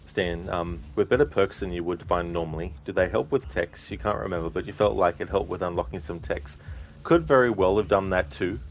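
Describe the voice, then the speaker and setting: Relaxed male game streamer, low voice. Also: brisk, faint music behind. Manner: relaxed, chuckling, greets viewers by name. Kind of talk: casual live-stream chat with viewers.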